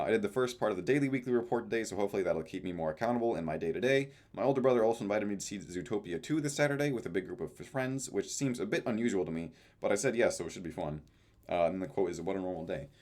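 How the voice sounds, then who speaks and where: A man's voice: fairly low pitch, darkish tone. A young man casually reading out his own journal and planner entries, with offhand dry asides and frequent fillers. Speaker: vlogger.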